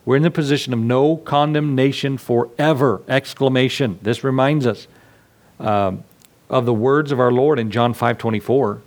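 A man's voice: medium pitch, moderate pace. A man preaching a sermon to his congregation in a conversational way, acting out little scenes with asides. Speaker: pastor.

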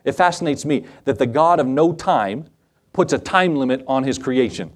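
A middle-aged man preaching a sermon as pastor, animated and acting out Bible scenes in different voices. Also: mid-range voice, normal speed.

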